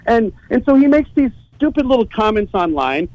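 The recording is muffled and has no room sound as a high-pitched man talks at normal speed from his home office. He's a site owner guesting on a podcast, telling a story casually with lots of energy, swearing often and laughing between lines.

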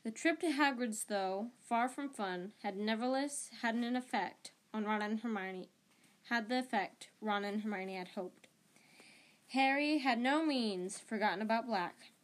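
A woman with a fairly high voice reads a book aloud unhurriedly as an amateur audiobook reader. She stumbles often, restarting and correcting herself as she goes.

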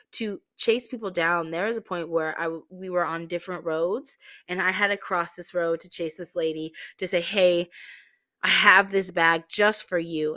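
A woman's voice: fairly low pitch, fairly bright tone. A woman hosting a podcast, telling a personal faith story in a heartfelt way, close to tears at times. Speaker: podcast host.

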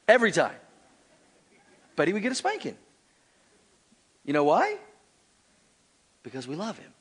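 High-voiced pastor telling a lively sermon. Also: male voice. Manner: animated storytelling, acting out voices. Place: church service before a congregation.

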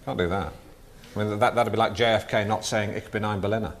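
A man's voice: lowish voice, fairly even intonation, fast talker, natural voice. An actor playing an awkward, self-important male chat show host who stammers and gets flustered, in 1990s TV sitcom acting. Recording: noisy old TV recording.

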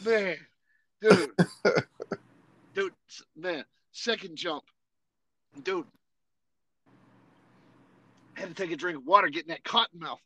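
High, bright-voiced man telling rowdy stories. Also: slow pace, pauses often, rough recording. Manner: animated, profane, laughing war stories. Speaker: podcast co-host. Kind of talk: casual storytelling chat.

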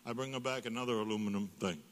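Racing along in a steady, mid-range voice, an older man preaches as a guest in a church sanctuary. His sermon is humorous storytelling with dialogue acted out through big jumps in his voice, recorded in a reverberant hall.

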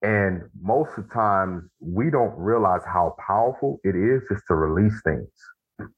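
A man with a very deep, husky voice speaks reflectively and weighs his words slowly when he makes a point. His voice comes through a narrow, tinny, phone-like line. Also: animated. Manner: reflective, slow and deliberate when making a point. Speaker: guest, author of a men's journal. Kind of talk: casual heartfelt conversation.

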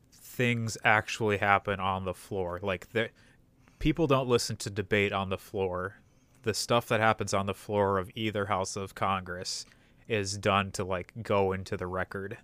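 A young man in casual podcast chat, talking in a thoughtful, measured way and pausing to search for words. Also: on the low side, a bit bright, smooth, no room sound.

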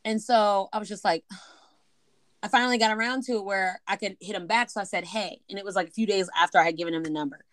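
Woman telling an animated story. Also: medium pitch, quick pace, no echo. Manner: animated, swears casually, acts out quoted dialogue. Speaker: podcast co-host. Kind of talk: casual chat, storytelling.

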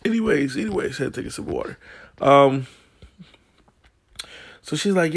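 With a husky, medium-pitched voice, this man hosts a podcast and speaks at a moderate pace with long pauses. His storytelling is slangy and full of profanity, and he grows heated and loud while recounting arguments.

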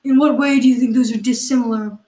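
A woman co-hosting an improvised comedy podcast, her voice sitting a little high. She questions her partner in mock exasperation, padding her lines with ums and uhs. The room around her is echoey. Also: steady tone, quick pace, mellow. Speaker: podcast co-host.

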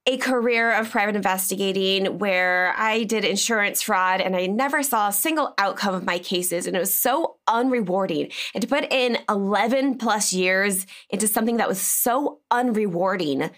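A woman's voice: medium pitch, normal speed, few pauses, a bit bright. Effusive, laughing, teary-voiced woman. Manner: laughing, fighting back tears, effusive. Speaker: community founder and co-host. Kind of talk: emotional casual chat.

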